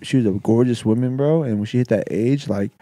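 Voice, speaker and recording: A man's voice: mid-range voice, a little fast, no echo. A man, a personal trainer guest, telling stories in casual chat, acting out quotes and laughing often. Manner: animated storytelling, acts out quotes, laughs often.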